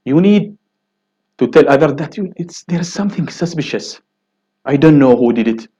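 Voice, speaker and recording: A man teaching an English grammar lesson, slowly repeating example sentences and stressing key words. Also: on the high side, lively intonation, mellow. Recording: dull lo-fi recording.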